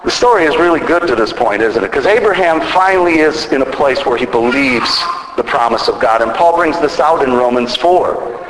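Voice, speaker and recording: A man preaching a sermon in a measured way, building to emphatic peaks. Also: mid-range voice, animated, a bit bright. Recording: echoey hall, faint background noise.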